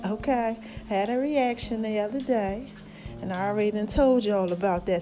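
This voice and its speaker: Over soft background music, a woman hosts her own podcast with a mellow, mid-range voice at normal speed, giving a casual motivational monologue. She's affectionate and a bit preachy toward listeners, sounding slightly out of breath, with a swollen throat.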